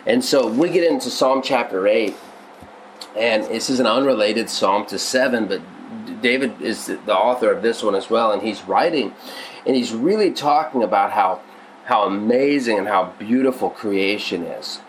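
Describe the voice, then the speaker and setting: A man's voice: on the low side, normal speed, a little hiss or hum, rough recording. A male pastor teaching on a devotional podcast, earnest and conversational, often restarting his sentences.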